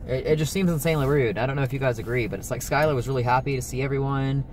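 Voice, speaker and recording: A man's voice: medium pitch, very fast, a little hiss or hum. A man in his early twenties talking casually in a personal vlog, rambling and hesitant with lots of fillers. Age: early 20s. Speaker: vlogger.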